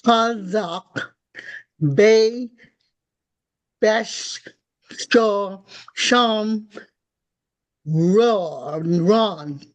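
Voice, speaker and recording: Very slow, halting student reader. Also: medium pitch, poor audio. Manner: halting, sounding out words. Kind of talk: reading Hebrew aloud in class. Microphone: video call.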